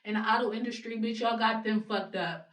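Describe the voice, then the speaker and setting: A woman's voice: a little high, brisk. A young woman from Ohio, a guest in a casual interview, speaking frankly and swearing freely. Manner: frank and animated, swears freely, laughs between points. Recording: roomy sound from a distant mic.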